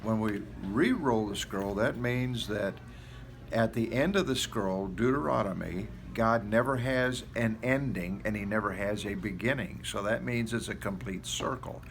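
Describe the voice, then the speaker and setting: A man explaining a synagogue custom in a plain, thoughtful way, pausing now and then. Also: fairly low pitch, vocal fry, faint music behind. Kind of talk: explanatory talk.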